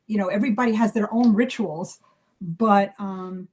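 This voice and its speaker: Chatty woman telling animated stories. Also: mid-range voice, normal speed, slightly rough. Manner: animated storyteller acting out dialogue; chatty with many fillers and restarts. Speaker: psychic medium. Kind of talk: casual live video chat.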